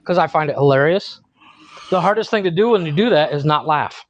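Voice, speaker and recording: A man's voice: a little high, animated, a little fast, dry recording. A man in his thirties co-hosting a podcast, chatting casually, swearing freely and laughing at his own stories. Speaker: podcast co-host. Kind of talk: casual chat. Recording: dry, muffled lo-fi sound.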